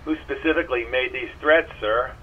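A man voicing a formal federal agent on the phone, flat and formal. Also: medium pitch, normal speed, narrow, tinny audio, a little hiss or hum, close to an everyday voice.

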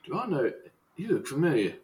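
A man's voice: on the high side, big pitch swings, fairly quick, a little mellow, far from the mic, voice pushed up. A man putting on a crude, easygoing convict who swears casually. The voice sits near his own, loose and offhand. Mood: surprised. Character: crude freed male convict Nigel.

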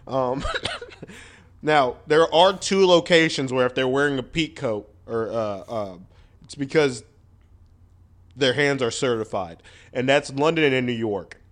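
A man co-hosting a podcast, talking in a deliberate, wry way and often correcting himself. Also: mid-range voice. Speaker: podcast co-host. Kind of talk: casual joking chat.

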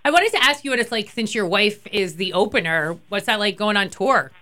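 A woman's voice: mid-range voice, lively intonation, fairly quick, pushed and bright. A woman co-hosting a radio interview, asking questions in a playful, chatty way. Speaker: radio co-host.

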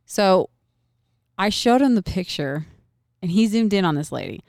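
A young woman hosting a podcast, telling a story in casual chat, animated and profane, laughing often. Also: medium pitch, unhurried, dry recording, studio quality. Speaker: podcast co-host.

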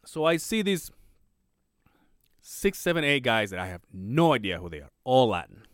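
A man's voice: mid-range voice, normal speed, clean tone, no room sound, clean studio sound. A man co-hosting a podcast, telling a work story in casual chat, swearing and acting out quotes with his voice jumping up. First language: Spanish. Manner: animated, swearing, acts out quotes with rising voice. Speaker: podcast co-host.

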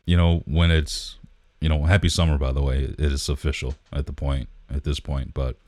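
A man's voice: extremely low pitch, flat delivery, normal speed, a little mellow, no room sound. A man co-hosting a podcast, chatting in a laid-back, rambling way with lots of fillers, recorded close on the mic. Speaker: podcast co-host. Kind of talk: casual chat.

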